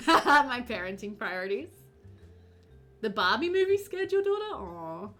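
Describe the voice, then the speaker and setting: A woman's voice: fairly high pitch, sharp tone. A woman streaming a game, chatting casually and giggling with her viewers. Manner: giggly, chatty, talks to chat.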